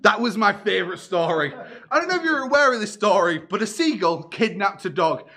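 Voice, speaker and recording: High, bright-voiced comedian. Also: male voice, animated, a little fast. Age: 30s. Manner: self-deprecating, punchy joke delivery. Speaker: stand-up comedian. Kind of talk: stand-up comedy set.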